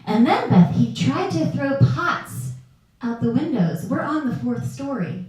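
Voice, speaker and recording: A woman's voice: high-pitched, sing-song, measured pace, darkish tone, pitched above the performer's own voice. A flustered female care home staffer who stacks one complaint on top of the next, put on by a woman storyteller. She sounds far off, in a very echoey room.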